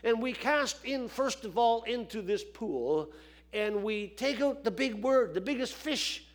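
High-voiced man preaching a sermon. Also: expressive, unhurried. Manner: folksy, repeats phrases for emphasis.

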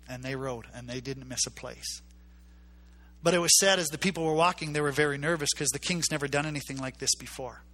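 A man's voice: mid-range voice, sharp tone. A man preaching a sermon, telling a story and acting out its characters' voices with emphatic repetition.

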